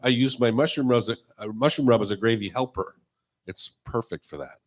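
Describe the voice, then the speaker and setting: A man's voice: medium pitch, fairly quick. A man hosting a live radio cooking show in front of a studio audience, joking loosely and reading sponsor plugs off the cuff.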